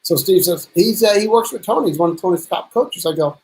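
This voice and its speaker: A man's voice: high voice, quick pace, a little mellow, rough recording. A man in his fifties hosting a casual show, telling stories in a teasing, self-mocking way. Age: 50s. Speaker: show host. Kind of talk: casual joking chat.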